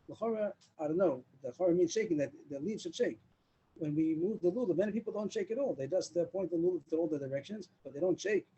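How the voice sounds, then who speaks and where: Guy teaching talmud on a video call, fast, kinda husky, lots of hebrew words mixed in. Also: on the high side, dark tone, rough recording. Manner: explains slowly with restarts, mixes Hebrew and Aramaic terms. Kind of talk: daily Talmud lesson over video call.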